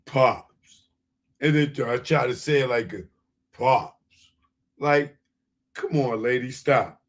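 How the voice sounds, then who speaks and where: A man's voice: medium pitch, normal speed. A man hosting a live comedy commentary stream, loose and profane, breaking into mocking impressions. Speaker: comedian host. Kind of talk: live stand-up style commentary.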